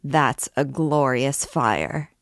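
A woman's voice: extremely low pitch, very slow, no room sound, clean studio sound, exaggerated voice. Reckless young student, read by a woman, flippant and mocking. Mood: cheeky. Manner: cheeky, mocking.

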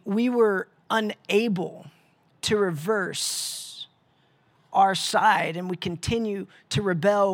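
Slow-paced male preacher. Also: high voice, no echo. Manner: rhetorical questions, dramatic pauses, dips to a hushed voice. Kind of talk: sermon.

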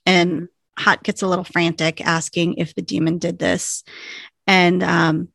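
A woman in casual chat, talking through scenes with a dry, wry humor. Her voice has a slight gravelly fry. The recording is dry and close, with little room sound. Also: lowish voice, flat delivery, unhurried, fairly bright tone, no echo. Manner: chatty, retells scenes with quoted lines, wry. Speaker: podcast co-host recapping a TV episode.

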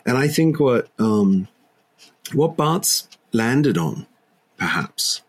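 A man's voice: mid-range voice, very animated, slow, slightly rough. A man co-hosting a literary podcast, talking in a rambling, wry and self-deprecating way. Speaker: podcast co-host. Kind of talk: casual literary podcast chat.

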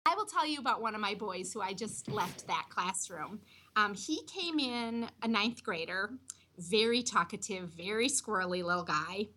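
A woman high school teacher telling an emotional personal story about a student. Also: animated, moderate pace, pushed and bright, slight background noise.

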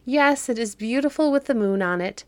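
Lady reading as a kind old caretaker woman, soft and soothing, dry close sound. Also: fairly high pitch, animated, normal speed, no room sound, pitched above the performer's own voice, natural voice. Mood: gentle. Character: kindly old woman caretaker, calm and gentle. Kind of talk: storybook reading.

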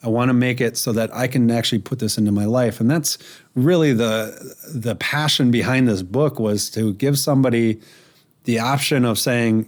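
A man, a firefighter author, telling stories in an interview with lively acted quotes and laughs. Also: medium pitch, normal speed. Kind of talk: storytelling interview.

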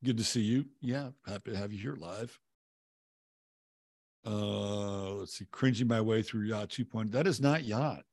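A man hosts a casual livestream in a lowish voice, rambling through viewer comments with loose fillers and restarts. He swears offhandedly and drifts between topics. The sound is dry and close, with no room around it. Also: measured pace, no room sound. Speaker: livestream host. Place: home, living in Texas.

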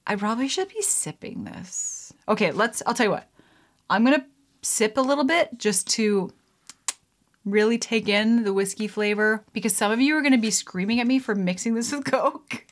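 Fairly high-pitched and at a normal speed, a woman mixes a drink at home while vlogging, chatting casually to camera for her viewers. She rambles with lots of "like" and "um," giggling and poking fun at herself.

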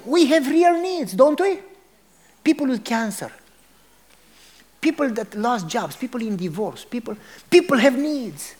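A man's voice: extremely high pitch, darkish tone. A man preaching a sermon as a pastor, telling a story dramatically and asking the congregation questions.

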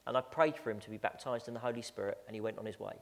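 A man's voice: fairly low pitch, very fast, creaky. A man preaching a storytelling sermon as pastor, chatty and self-mocking, often stammering out repeated words. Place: church sanctuary. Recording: long church-hall reverb.

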